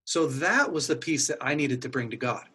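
A man's voice: mid-range voice, lively intonation, normal speed, pushed and bright, husky. A middle-aged man earnestly telling a personal story in casual conversation, acting out his own inner dialogue. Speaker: guest sharing a personal story.

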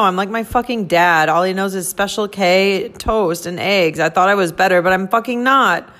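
A woman's voice: medium pitch, moderate pace, few pauses, a bit bright. A woman, hosting a podcast and venting in a casual monologue, swearing often and laughing through tired, overwhelmed emotion. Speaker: podcast host.

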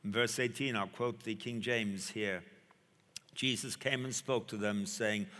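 A male preacher delivering a sermon, telling a story with dramatic pauses and emphasis. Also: fairly low pitch, fairly even intonation, pushed and bright. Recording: echoey hall.

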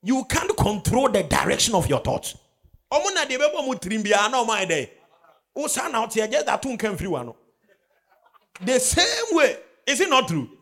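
A man's voice: high-pitched, very animated, a little fast, vocal fry, a bit bright. A man preaching a sermon, emphatic, with call-and-response questions. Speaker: pastor.

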